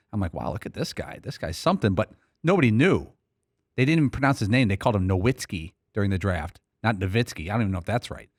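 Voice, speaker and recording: Low-voiced man on sports radio. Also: no echo, studio quality. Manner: casual, reminiscing. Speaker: radio show producer. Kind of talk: sports talk radio chat. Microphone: studio microphone.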